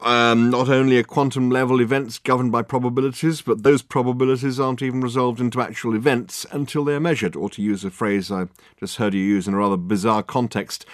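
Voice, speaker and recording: A man's voice: medium pitch, no room sound, studio quality, close to an everyday voice. A man voicing a polite, flustered young man who hesitates and stammers.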